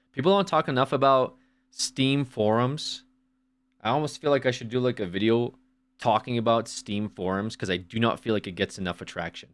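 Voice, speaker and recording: A man streaming and reacting to videos, ranting casually in a sarcastic, profane, rambling way. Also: mid-range voice.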